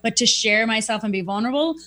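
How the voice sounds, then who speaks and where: A woman guest who speaks professionally, telling stories in a reflective, animated way and acting out quoted lines. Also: fairly high pitch, quick pace. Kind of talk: conversational storytelling.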